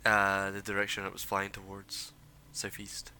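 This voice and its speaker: Bright-voiced man running a tabletop game. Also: low voice, a little hiss or hum, rough recording. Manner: relaxed, loose narration with frequent filler pauses. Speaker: game master.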